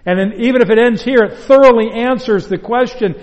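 A pastor with a high-pitched male voice preaches an earnest sermon, pressing his points with deliberate repetition. His words carry a long reverb, like a large sanctuary. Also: a little mellow, dull audio.

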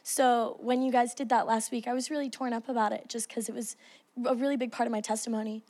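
A woman's voice: on the high side, steady tone, fast talker, a little mellow. A woman earnestly sharing her testimony at a church gathering. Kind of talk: casual spoken testimony.

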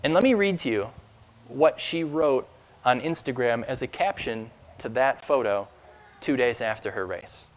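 A man's voice: mid-range voice, unhurried. A man preaching a sermon in an earnest, emphatic way, building up through rhetorical questions. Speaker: pastor.

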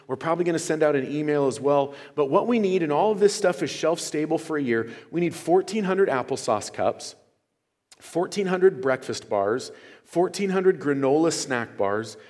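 A man's voice: a little high, darkish tone. A man preaching as pastor to his church, earnest and conversational, sharing announcements with enthusiasm. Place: church sanctuary. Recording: long hall reverb.

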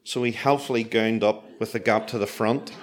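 Brief: man, lowish voice, dry deadpan storyteller, self-mocking comic timing. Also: moderate pace, heavy background noise.

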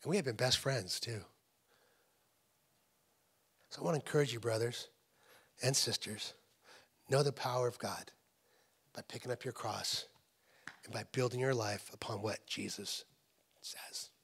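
A middle-aged man preaching a sermon as a pastor, talking in a loose, conversational way as he tells stories, and dropping to a hushed whisper to make a point. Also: medium pitch, a little slow, pauses often, slightly rough. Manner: conversational storytelling, drops to a hushed whisper for emphasis. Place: church.

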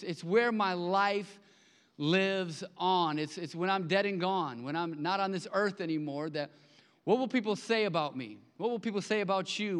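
A man preaching a sermon to his congregation, conversational and animated, telling stories with acted-out quotes. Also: sits high, clear, resonant tone. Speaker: pastor. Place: church sanctuary. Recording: long hall reverb.

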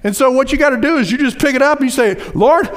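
High-pitched man preaching a lively sermon. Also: very fast. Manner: lively preaching with asides and repeated phrases. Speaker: pastor.

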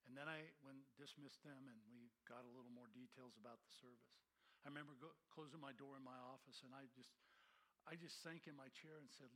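A middle-aged male pastor preaching a sermon, telling a personal story in hushed tones and then building into emphatic preaching. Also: medium pitch, fairly quick.

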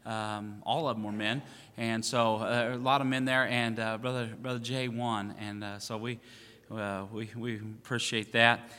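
A pastor man spins a playful, self-mocking story from the pulpit. His voice is bright and forceful, with a long echo trailing through the church hall. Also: on the low side, level tone, a little slow. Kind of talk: sermon. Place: church sanctuary.

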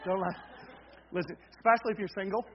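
High-voiced man preaching a sermon. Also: steady tone, fast, highs cut off, a little hiss or hum. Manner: conversational, with repeated "right?" tag questions; emphatic repeated refrains. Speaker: pastor.

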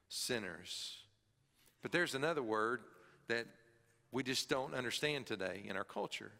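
A middle-aged man preaching a sermon as pastor, earnest, swinging from emphatic high peaks to quiet low drops. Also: creaky. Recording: long hall reverb.

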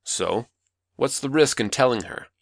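A man playing a manipulative older male mentor, calm, patronizing and coaxing, in a dry close recording. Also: mid-range voice, a little slow, creaky, no echo, pitched above the performer's own voice.

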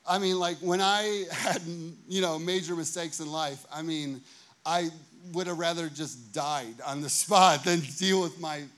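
Animated man preaching a story. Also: a little high. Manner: animated, acts out quotes, many "you know what I mean" asides. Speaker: pastor. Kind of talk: sermon storytelling.

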